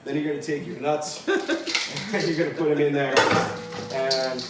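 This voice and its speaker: A man's voice: a little high, measured pace, heavy background noise. A man hosting a casual cooking demonstration at home, rambling and joking, with lots of fillers and restarts. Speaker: cooking show host. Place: home kitchen. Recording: echoey kitchen with clattering dishes. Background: clattering pots and dishes.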